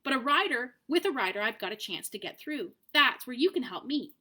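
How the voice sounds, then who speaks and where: A woman voicing a proud, brisk adult male talking war horse in a storybook read-aloud, with a commanding, impatient manner. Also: high voice, full character voice. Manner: commanding, impatient, lively emphasis.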